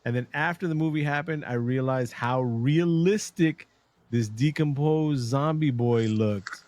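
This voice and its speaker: A man's voice: medium pitch, unhurried, a little mellow, dry recording. A man co-hosting a podcast in casual chat, playful and rambling. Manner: playful, rambling, slips into mock voices. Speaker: podcast co-host.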